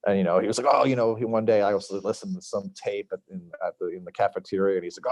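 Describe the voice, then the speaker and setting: A middle-aged Long Island chef talks as a podcast guest, his low, darkish voice steady in tone, quick-paced, and with few pauses, recorded with no echo. He tells stories casually, rambling along with many fillers and acted-out quotes.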